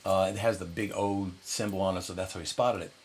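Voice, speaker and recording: A middle-aged man casually telling an anecdote to the camera, animated and jumping into higher voices for quotes. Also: brisk, slightly rough. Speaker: storyteller.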